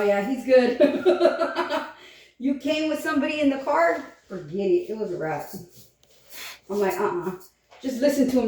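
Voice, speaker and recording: Woman, casual storyteller, higher voice, animated quotes; far-off mic, heavy room echo. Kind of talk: casual chat. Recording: echoey room, distant mic, faint noise.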